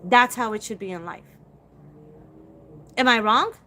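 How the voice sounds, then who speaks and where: A woman's voice: a little high, a little slow, bright, forceful tone. A middle-aged woman hosting a live stream, talking straight to her viewers in a blunt, profane, emphatic rant. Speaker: psychic livestream host.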